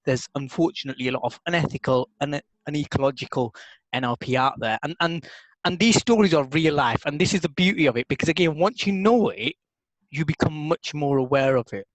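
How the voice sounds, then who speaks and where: A man, a podcast co-host, telling a story in casual chat with lively repeats and restarts. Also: a little high, brisk, no echo, low-quality recording. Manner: animated storyteller, repeats words when excited. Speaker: podcast co-host, NLP practitioner.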